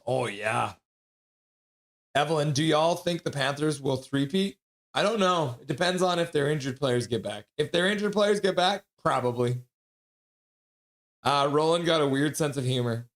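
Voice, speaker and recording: A man's voice: on the high side, expressive, a bit bright. Chatty young man reading chat. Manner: chatty, reads viewer comments aloud with quick asides. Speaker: livestream host reading chat. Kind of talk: casual live reaction chat.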